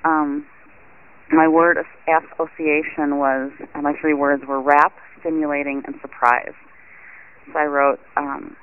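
A woman leaves a voicemail in a halting, giggly way, filling her pauses with ums. The call is tinny and phone-like, with a faint hiss behind. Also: deep voice, steady tone. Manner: hesitant, lots of ums, giggly. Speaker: voicemail caller.

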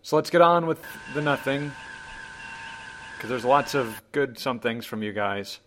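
A man's voice: mid-range voice, lively intonation, measured pace, a bit bright, a little hiss or hum. A man hosting a podcast in a casual monologue with dry, self-deprecating humor. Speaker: podcast host.

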